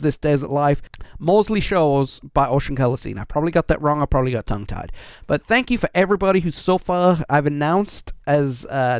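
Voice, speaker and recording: A man hosting a podcast on his own, reading out listener lists in a casual, upbeat way with quick asides. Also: a little high, no echo, clean studio sound. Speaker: podcast host. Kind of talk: casual solo podcast chat.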